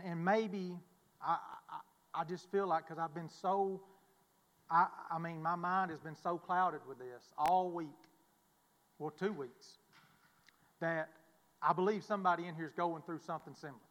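A man giving a halting, folksy, self-deprecating testimony from the pulpit of a church. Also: a little high, fairly even intonation, fairly bright tone, in a large hall. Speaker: preacher. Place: church sanctuary.

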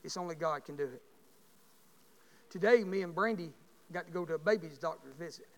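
A man, preaching a sermon in a church by telling a story, rising from quiet talk to shouting. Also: on the high side, brisk. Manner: builds to shouting. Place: church sanctuary. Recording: long hall reverb.

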